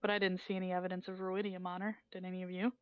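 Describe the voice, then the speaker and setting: A woman's voice: fairly low pitch, level tone, rapid-fire, clean tone, dry recording. Chatty woman player, dull dry mic. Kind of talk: casual in-character play.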